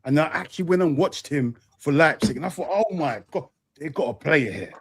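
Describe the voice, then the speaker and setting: A man's voice: a little high, expressive, a little fast, fairly bright tone, slightly rough. A man, a co-host, sounds exasperated and emphatic and repeats his points in casual banter. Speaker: co-host on a fan show.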